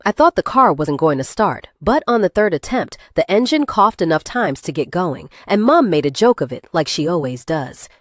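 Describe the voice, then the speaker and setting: Low-voiced woman with lively intonation. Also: moderate pace, few pauses, dry recording, studio quality. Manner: expressive, shifting intonation. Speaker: audiobook narrator. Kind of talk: scripted first-person narration.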